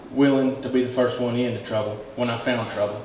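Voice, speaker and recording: A man's voice: medium pitch, fairly even intonation, highs cut off. Joking best man in a cavernous echo. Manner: joking, halting, fighting back tears. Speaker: best man giving a wedding toast. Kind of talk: emotional wedding speech. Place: wedding reception room. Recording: very echoey room, distant mic, noisy.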